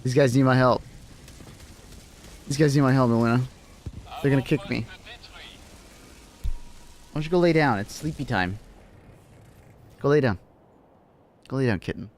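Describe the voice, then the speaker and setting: A man's voice: medium pitch, moderate pace, pauses often, a little hiss or hum. A man chatting casually on a game live stream, talking to his cat and swearing now and then.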